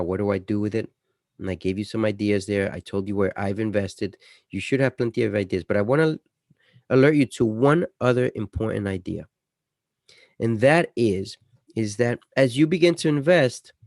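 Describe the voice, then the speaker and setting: A man hosting an investing channel, talking casually over his screen in a chatty way, going from loud emphasis to dropping quiet. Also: lowish voice, no room sound, clean studio sound. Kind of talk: casual screen-share commentary.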